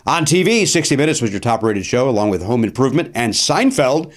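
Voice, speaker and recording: A man's voice: mid-range voice, sing-song, a little fast. Middle-aged guy doing a comedy podcast monologue, wry and self-mocking, voice bouncing up and down a lot, studio mic. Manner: wry, self-deprecating, rambling asides. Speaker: podcast host.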